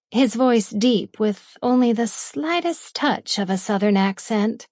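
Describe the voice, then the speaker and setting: A woman narrates a romance audiobook in the first person, taking her time over each line. Her delivery is playful, with breathy asides. The voice sits close and dry, in a middle register. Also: medium pitch, slow pace, hardly any pauses, darkish tone, no room sound.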